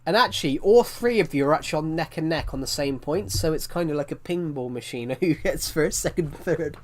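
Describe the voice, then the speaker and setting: A man's voice: on the high side, expressive, moderate pace. A man in his twenties chatting casually on a game stream, rambling, joking and swearing. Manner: laughing, swearing, rambling, jokey. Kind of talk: casual live-stream chat.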